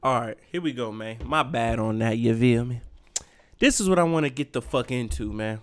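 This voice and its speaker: A young man, hosting a solo podcast and ranting in a profane, animated way with heavy slang. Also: mid-range voice, normal speed, clean tone. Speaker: podcast host.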